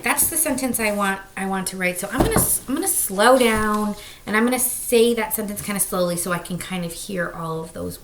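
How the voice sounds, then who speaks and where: A woman teacher recording a remote writing lesson for young children at home, modeling slowly and patiently and softly whispering the words she sounds out. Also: medium pitch, gravelly, a little hiss or hum, rough recording.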